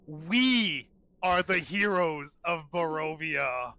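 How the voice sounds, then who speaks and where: A man voicing a proud young male ranger, suddenly aged twenty years, who speaks in slow, solemn declarations in a tabletop game. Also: a little high, lively intonation, bright, forceful tone, clear, resonant tone, dry recording, exaggerated voice.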